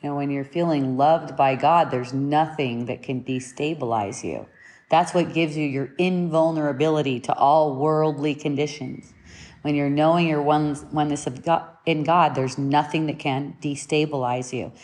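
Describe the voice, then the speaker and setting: Her voice is low and a little mellow as she teaches on spiritual matters in a slow, contemplative manner. She restates points in different ways and sometimes underlines them with sharp, brief commands.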